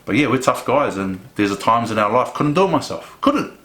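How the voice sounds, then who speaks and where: A man's voice: mid-range voice, sing-song, a little fast, bright, forceful tone. A middle-aged man answers audience questions at a summit, talking frankly and acting out quoted dialogue. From New Zealand. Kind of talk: Q and A talk at a summit. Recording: roomy echo.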